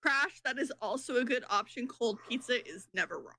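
A woman co-hosting a casual gaming podcast, sleepy but playful and quick to laugh. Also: a little high, lively intonation, bright, forceful tone. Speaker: podcast co-host.

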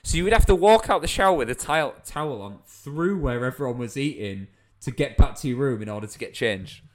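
A man's voice: medium pitch, lively intonation, brisk. A young British man, a comedian, telling a funny anecdote in casual chat, laughing as he goes. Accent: British English. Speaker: comedian guest.

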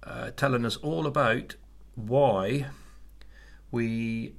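A middle-aged man co-hosts a podcast in casual, chatty conversation, hesitating and restarting his sentences often. His voice is medium-pitched, with drawn-out words and vocal fry.

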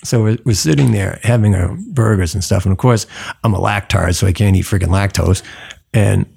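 A man's voice: on the low side, fairly quick, vocal fry, a little mellow, breathy edge. A man from the US East Coast, a podcast guest telling stories in casual chat, swearing freely and acting out voices.

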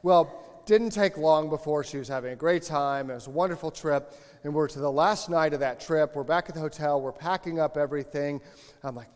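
A male pastor giving a conversational sermon in a chatty, relaxed way, often correcting himself mid-sentence and adding asides. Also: a little high, fairly quick, long reverb tail.

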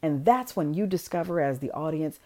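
Woman, low mellow voice, lively swoops in pitch, casual swearing storyteller. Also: normal speed. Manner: animated, swears freely, acts out quotes.

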